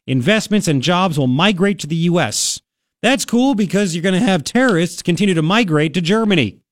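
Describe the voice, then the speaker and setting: A man's voice: sits high, expressive, fairly quick, no echo. A man hosting a talk radio show, rambling and opinionated with a sarcastic edge, speaking into a studio microphone. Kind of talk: casual talk radio commentary.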